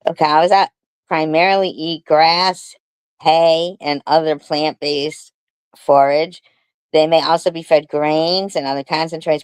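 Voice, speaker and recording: A chatty woman on a livestream with a fairly low voice, laughing between remarks. The sound is dry and close, with no room echo. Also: darkish tone, smooth. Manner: chatty, laughs often, reads aloud. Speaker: livestream host. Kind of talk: casual livestream chat.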